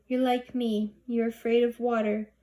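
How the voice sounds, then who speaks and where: A woman reading the lines of a fussy, scatterbrained but caring mother in a storybook, in a brisk, bustling way. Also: fairly high pitch, level tone, dark tone, lightly acted. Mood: gentle. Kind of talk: audiobook reading.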